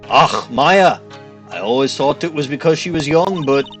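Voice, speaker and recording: Streamer, male, slightly high voice, hammy fake Scottish brogue on game text, faint music under. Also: lively intonation, moderate pace. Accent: put-on Scottish. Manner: goofy, reads dialogue in a put-on Scottish accent. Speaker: let's play streamer. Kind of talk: game commentary with reading aloud.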